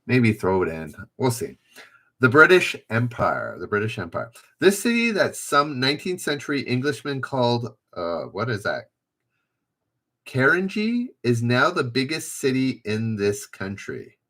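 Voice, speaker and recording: A man's voice: mid-range voice, sing-song, measured pace, fairly bright tone. A man hosting a trivia livestream, chatting casually with viewers and thinking aloud as he reads questions.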